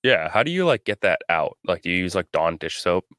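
A man's voice: deep voice, big pitch swings, fairly quick, fairly bright tone, dry recording, studio quality. A young man co-hosting a podcast, telling a rambling, profane story in casual chat. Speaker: podcast co-host.

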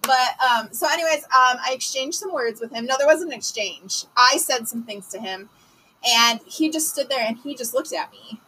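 A woman from Detroit telling a story in casual chat, animated and full of fillers, acting out the lines she quotes. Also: high-pitched, moderate pace, slight background noise, poor audio.

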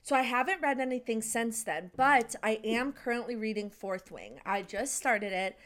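A young woman with a slightly high voice co-hosts a relaxed podcast chat. She talks in a giggly, animated way and lets casual swears slip. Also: moderate pace. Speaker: podcast co-host.

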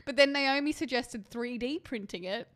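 A woman's voice: fairly high pitch, moderate pace, fairly bright tone. A woman co-hosting a podcast in casual chat, retelling a dream in a rambling way with frequent laughter. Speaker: podcast co-host.

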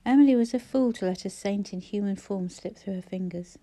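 Woman voicing hoarse, wry sick woman Clara. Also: mid-range voice, brisk, mellow, natural voice. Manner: wry, teasing. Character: ailing older woman, hoarse, dry wit.

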